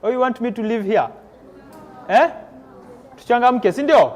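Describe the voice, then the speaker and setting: A man giving an energetic motivational talk to students in a school hall, leading call-and-response chants. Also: very high voice, unhurried. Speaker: motivational speaker. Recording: reverberant hall with crowd.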